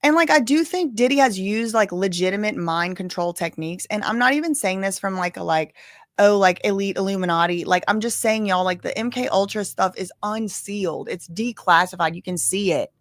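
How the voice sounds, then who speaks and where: A woman's voice: mid-range voice, a little fast, dry recording, clean studio sound. A woman casually commenting on a live trial, chatty and opinionated, often saying "like" and "y'all".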